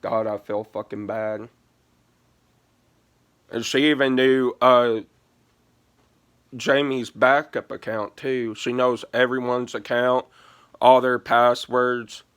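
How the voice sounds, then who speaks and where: For his vlog, a gaming vlogger slowly chats through a long personal story in a smooth, clear, mid-range voice that is level in tone and a bit bright. He leaves long pauses, drifts between thoughts, swears often and says "like" constantly.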